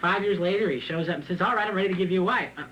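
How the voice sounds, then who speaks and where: A man preaching a sermon, reading scripture and then retelling it in a joking, animated way with frequent laughs. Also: high-pitched, racing, muffled recording, slight background noise. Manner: animated, joking, laughs often at his own asides; reads scripture aloud and then retells it in plain talk. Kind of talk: sermon with Bible reading and commentary.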